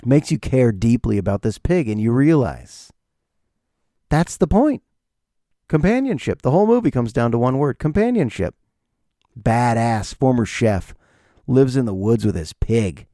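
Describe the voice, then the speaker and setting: A man's voice: medium pitch, lively intonation, unhurried, mellow, dry recording, studio quality. A man hosting his own podcast, rambling jokily through a solo monologue and talking to himself. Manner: rambling, jokey, talks to himself. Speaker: podcast host.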